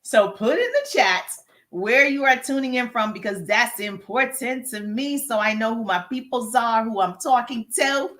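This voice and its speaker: A woman's voice: on the high side, animated, normal speed, a bit bright. Upbeat Southern woman hosting a livestream. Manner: upbeat, hypes viewers, greets chat by name. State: getting over a cough. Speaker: livestream host, business coach. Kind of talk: live stream Q&A chat.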